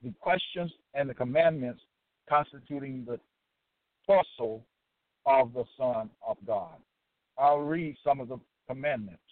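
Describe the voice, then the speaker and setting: Slow, deliberate man on a tinny line. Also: medium pitch, dry recording. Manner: deliberate, halting, frequent fillers. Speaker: religious presenter. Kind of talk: slow scripture reading with commentary. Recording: tinny phone-like dry recording.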